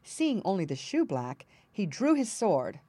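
A woman narrating an audiobook fairy tale in an expressive storytelling manner, close to the mic. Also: medium pitch, a little slow, no room sound.

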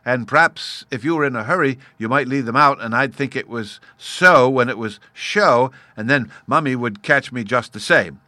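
A man reading a storybook and voicing an excitable little cave girl, eager and breathless as her excitement rises. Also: mid-range voice, normal speed, hardly any pauses, no room sound, clean studio sound, lightly acted. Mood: fretful.

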